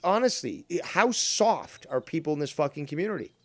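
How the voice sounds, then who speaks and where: A man holds forth as a podcast host in a heated, profane rant, rising into loud bursts and mocking other people's voices. His voice sits a bit high for a man. The recording is close and dry. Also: expressive, brisk, few pauses, no echo. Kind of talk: heated casual chat.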